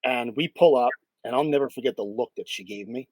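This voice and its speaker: In a relaxed interview, a paranormal investigator of ordinary pitch narrates a case with lively energy, frequent "um"s, and voiced impressions of what others said. The sound is close and dry with no room tone, and the recording is rough.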